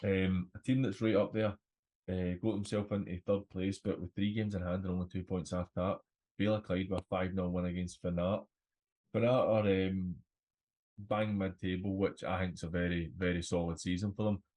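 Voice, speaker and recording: Scottish results-show host, low voice, laid-back delivery, lots of ums. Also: male voice, normal speed, low-quality recording. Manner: relaxed, runs through results with fillers. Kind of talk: football results round-up.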